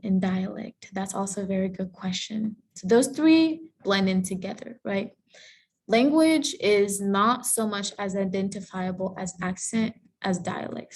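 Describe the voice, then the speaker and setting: Her medium-pitched voice is a little mellow. This guest lecturer from Cameroon presents online via video call and answers audience questions, explaining things in a friendly way while using some fillers and correcting herself now and then.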